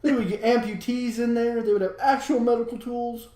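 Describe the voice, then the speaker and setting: A man's voice: extremely high pitch, fairly quick, reverberant. A man, chatting casually as a podcast co-host and acting out the people in his stories. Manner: animated storyteller, acts out quotes. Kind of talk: casual chat.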